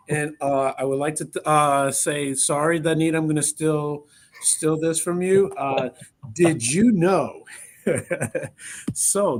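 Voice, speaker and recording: A man co-hosting a casual workplace live stream, an animated storyteller who halts with many fillers and laughs often. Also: mid-range voice. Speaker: co-host of company live stream. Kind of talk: casual chat.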